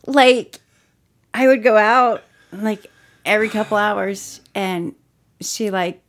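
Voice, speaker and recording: Woman, podcast co-host, mid-pitched, chatty, profane, acts out what people said. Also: takes it slowly. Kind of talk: casual chat.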